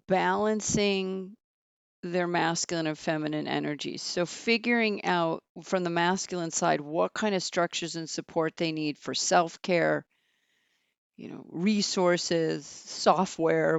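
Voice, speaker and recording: A woman guest on a podcast, explaining her coaching work in a measured, practical way. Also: fairly low pitch, vocal fry, clean tone, no room sound. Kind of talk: conversational interview answers.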